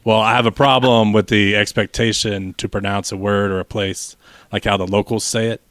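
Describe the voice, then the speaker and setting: A man's voice: lowish voice, flat delivery, a little fast, a bit bright, no room sound. A man co-hosting a podcast, arguing his point in a casual group chat. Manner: argumentative, makes a point. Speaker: podcast co-host.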